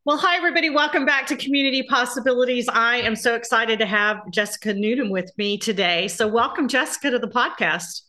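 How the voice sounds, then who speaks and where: Southern woman, podcast host, bright tone, chatty and rambling. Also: a little high, fast talker, hardly any pauses. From Southern US (Florida, Georgia). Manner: chatty, warm rambling with fillers and laughs. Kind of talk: casual interview chat.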